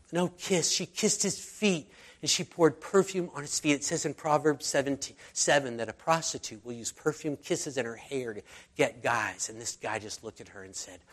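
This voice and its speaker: Chatty man preaching a sermon. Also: medium pitch. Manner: conversational, rambling, with fillers and asides. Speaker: pastor.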